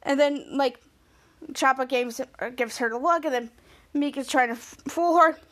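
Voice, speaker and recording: High-voiced woman rambling through a recap. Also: normal speed, fairly bright tone. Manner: rambling, restarts often. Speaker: podcast host. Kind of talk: casual episode recap.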